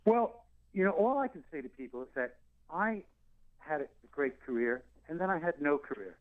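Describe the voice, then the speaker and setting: A singer-songwriter in his sixties from New York, telling animated stories and acting out dialogue as an interview guest. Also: a little high, moderate pace. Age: 60s. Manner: animated storyteller who acts out dialogue and laughs. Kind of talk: phone interview. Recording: tinny phone line.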